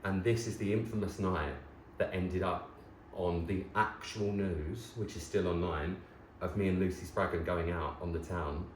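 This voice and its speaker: An excitable man in his thirties with a low, deep voice, chatting casually to camera as he sorts through his things. He gasps and rattles on in a nostalgic, chatty way. The room is roomy and echoey, with a faint hum of ambience behind him. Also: normal speed. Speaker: vlogger host. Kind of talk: casual chat.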